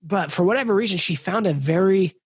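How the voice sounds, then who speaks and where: Husky-voiced podcast host man. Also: high voice, brisk, no room sound, studio quality. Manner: curious, asks short questions, brief affirmations. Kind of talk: casual podcast interviewing.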